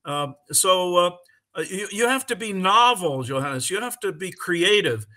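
A middle-aged man answering questions as a conference panelist over a video call, halting and full of fillers but enthusiastic. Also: sits high, expressive, sharp tone. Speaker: conference panelist and English teacher.

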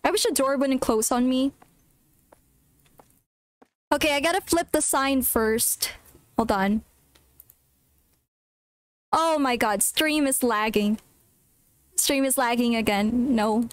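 High-voiced panicky woman streamer. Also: slow pace, long pauses, no echo. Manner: panicky, exclaiming, repeats herself. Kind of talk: live horror game commentary.

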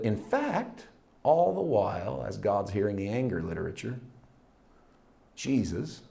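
A man preaching a sermon, swinging from hushed asides to loud, intense scripture readings, with folksy humor. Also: mid-range voice, creaky. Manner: reads scripture aloud with rising intensity. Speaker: pastor.

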